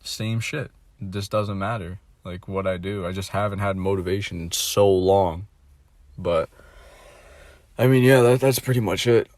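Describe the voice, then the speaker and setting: A man's voice: sits low, a little slow, darkish tone, no room sound. A man in his twenties ventingely rambling in a casual monologue, swearing often and filling his talk with "like" and "you know", recorded on a phone. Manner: rambling, profane, deflated, full of "like" and "you know". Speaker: vlogger.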